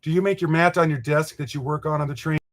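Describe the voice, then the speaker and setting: A fast-talking older Montanan with a high, steady voice runs a live model train stream. He rambles in a folksy manner, chuckling as he goes through comments from viewers.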